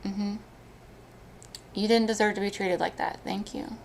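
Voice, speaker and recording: A woman talking on a live stream in casual chat, speaking emotionally, with halting restarts. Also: mid-range voice, steady tone, a little mellow, a little hiss or hum.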